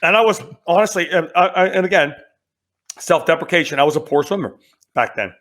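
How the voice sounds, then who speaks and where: A man's voice: on the high side, fairly quick. Middle-aged guy telling war stories on a podcast, casual, acts out the quotes. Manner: animated storyteller, acts out quotes. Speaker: podcast guest, military veteran. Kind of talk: casual storytelling.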